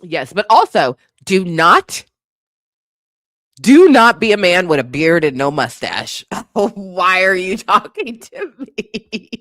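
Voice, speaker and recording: Woman host, live-stream chatter, slow and lively, frequent laughs, dry close sound. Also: on the low side, no echo. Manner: laughs often, exasperated and playful. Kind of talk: casual live-stream reaction chat.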